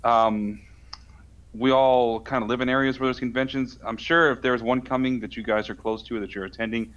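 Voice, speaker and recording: A man's voice: medium pitch, steady tone, brisk, a bit bright, lo-fi sound. A man co-hosting a casual podcast chat, easygoing and wisecracking. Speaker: podcast co-host.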